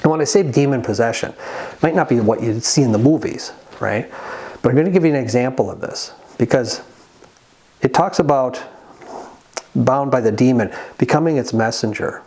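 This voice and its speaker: A man giving an earnest, conversational sermon as the host of a Christian channel, pausing now and then to read scripture aloud. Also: medium pitch, a little mellow, husky. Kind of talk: sermon-style monologue.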